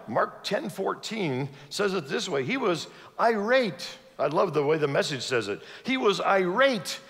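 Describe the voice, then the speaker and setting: A man who grew up in Ivory Coast, preaching a sermon with animated storytelling and questions to the audience. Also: a little high, creaky. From Ivory Coast, West Africa. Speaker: guest preacher. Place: church sanctuary. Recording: long church reverb.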